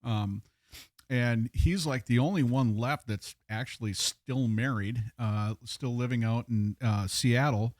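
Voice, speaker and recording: A man's voice: mid-range voice, a little slow, dry recording, studio quality. A man co-hosting a podcast, telling stories in a rambling way with many fillers. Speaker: co-host. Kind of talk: casual chat.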